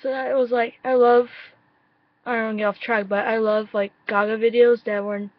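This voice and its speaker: A woman's voice: a little high, level tone, moderate pace, no echo. A young woman vlogging her reaction to a music video, gushing, swearing freely and quoting her own reactions with frequent laughs. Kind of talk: casual excited reaction vlog. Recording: dull lo-fi webcam sound, dry.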